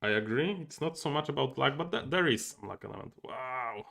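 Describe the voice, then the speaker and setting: Gravelly-voiced man streaming a board game. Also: mid-range voice, lively intonation, fairly quick, bright, forceful tone. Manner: thinking aloud, chatting with viewers. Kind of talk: casual livestream commentary.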